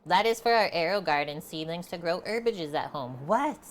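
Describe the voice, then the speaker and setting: A woman hosting a cooking livestream, chatting casually with viewers and laughing easily. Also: lowish voice. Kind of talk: casual chat with stream viewers.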